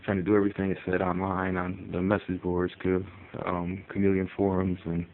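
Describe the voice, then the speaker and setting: Deep-voiced man on a tinny phone. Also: fairly quick, slight background noise. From Connecticut, US. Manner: rambling, relaxed, many fillers. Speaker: pet owner. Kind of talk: casual phone vlog. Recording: tinny phone audio with faint ambience.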